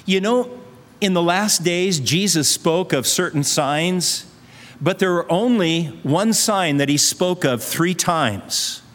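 This pastor's voice sits high and a bit bright, and he speaks slowly as he preaches a sermon built around a story. His manner is earnest and conversational, with fillers. Long hall reverb fills the recording.

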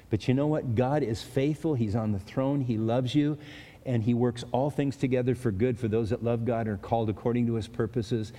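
A man's voice: mid-range voice, fairly even intonation, fairly quick, dark tone. A man preaching an expository sermon in an earnest, conversational way, speaking directly to his listeners. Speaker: pastor. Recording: long hall reverb.

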